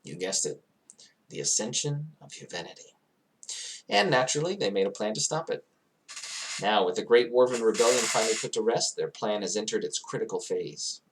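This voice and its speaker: A man's voice: fairly low pitch, animated, fairly quick, a little hiss or hum. A man narrating a fantasy world in character as its guide, grandiose and digressive, swelling at times into emotional peaks.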